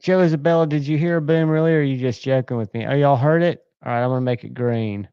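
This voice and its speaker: A man with a smooth, mellow voice hosts a relaxed livestream, rambling along in an upbeat, enthusiastic way. The sound is dry and slightly muffled. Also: mid-range voice, quick pace, dry recording. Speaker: livestream host. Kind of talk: casual chat.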